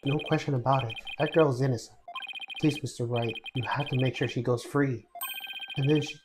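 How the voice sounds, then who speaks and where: A woman's voice: a bass voice, steady tone, moderate pace, background noise. A woman reading a gloomy older astronaut. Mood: earnest. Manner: earnest, mournful, self-deprecating. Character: weary older male astronaut, gentle and self-pitying. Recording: game music behind.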